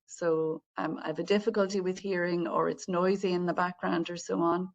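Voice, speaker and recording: Speaking to participants on a video call, a woman with a fairly low, creaky voice runs an online webinar training on healthcare communication. She explains the material in a friendly, direct way.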